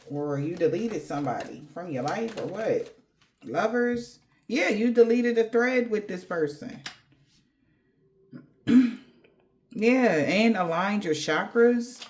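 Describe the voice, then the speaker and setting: A woman's voice: medium pitch, lively intonation, slow pace, a little hiss or hum. A woman giving a casual tarot reading, rambling in slangy talk addressed straight to the viewer. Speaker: tarot reader.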